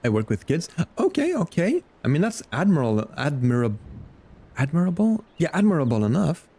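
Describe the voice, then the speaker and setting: A man's voice: mid-range voice, very animated, fairly quick, mellow, breathy edge. A man streaming a game, chatting casually and rambling to his viewers. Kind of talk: casual gaming stream chat.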